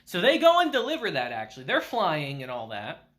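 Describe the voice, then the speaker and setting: A man casually recapping an anime episode, slangy and quick to laugh. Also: a little high. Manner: laughs often, slangy and animated. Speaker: anime reviewer.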